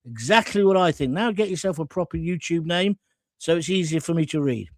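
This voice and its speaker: A man's voice: fairly high pitch, fairly quick, no echo. A man hosting a live talk show, reading out viewer comments in a blunt, combative and jokey way. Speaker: host.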